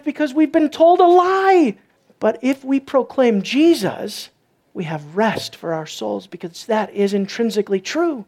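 Impassioned high-voiced woman preaching. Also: lively intonation, unhurried. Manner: impassioned, rising to loud emphatic peaks then dropping low and soft. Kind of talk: sermon.

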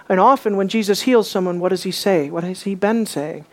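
A preacher giving an expository sermon who asks the congregation rhetorical questions and moves between hushed, solemn lines and impassioned, raised ones. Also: medium pitch. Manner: slows and stretches key words for emphasis.

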